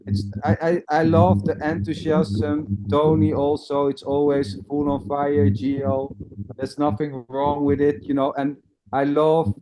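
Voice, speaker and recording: A man's voice: a little high, steady tone, a little slow, background noise. A man hosting an online group meeting, talking casually and hesitantly with repeated phrases over a video call. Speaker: host of an online nonduality meeting.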